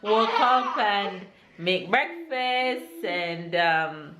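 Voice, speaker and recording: A woman's voice: mid-range voice, expressive, very slow, noisy background. A woman with a Jamaican accent chatting casually to her vlog audience from home, upbeat and motivating, laughing often. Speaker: vlogger and mother. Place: indoors at home. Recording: roomy echo.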